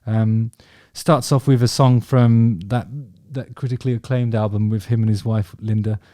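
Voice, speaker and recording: A man's voice: on the low side, flat delivery, normal speed, warm tone, no echo, clean studio sound. A man chatting casually about favourite songs, rambling and enthusiastic, with many ums and restarts. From England. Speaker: vlog host talking about music.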